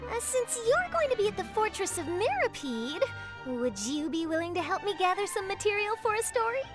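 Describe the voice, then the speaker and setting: Gossipy girl reporter, high and bouncy, talks to herself, loud game music. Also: sing-song, brisk. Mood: eager. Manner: theatrical, gossipy, mutters asides to herself. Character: nosy young female newspaper reporter, eager for scoops. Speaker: journalist.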